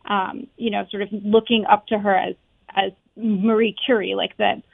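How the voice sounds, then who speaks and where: A woman's voice: mid-range voice, level tone, moderate pace, gravelly, slightly rough, no echo. A woman who is a stage actress, talking earnestly and chattily with lots of fillers as an interview guest, over a tinny phone-like line. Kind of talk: casual interview chat.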